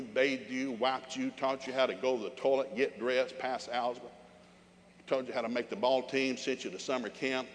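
A man's voice: medium pitch, in a large hall, slight background noise. An older man preaching a sermon with humorous, emphatic storytelling.

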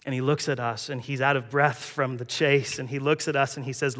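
A man's voice: mid-range voice, fairly even intonation, brisk, fairly bright tone, long reverb tail. A man preaching a sermon, telling a story and acting out the voices in it. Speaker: pastor.

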